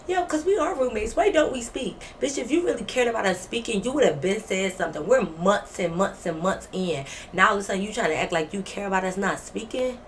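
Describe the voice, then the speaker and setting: A woman vlogger telling a story, animated, blunt and full of profanity. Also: medium pitch, slight background noise. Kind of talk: storytime vlog.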